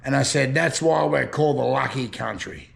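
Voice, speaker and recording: A man's voice: mid-range voice, lively intonation, normal speed, creaky. A man with an Australian accent chatting casually about slang, rambling, swearing freely and laughing at his own jokes. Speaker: vlogger. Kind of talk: casual chat explaining slang.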